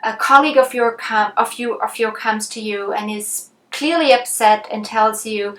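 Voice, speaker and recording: A woman teaching about empathy in a relaxed, conversational way, thinking aloud with frequent ums and restarts. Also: a little high, moderate pace, hardly any pauses. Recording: roomy echo.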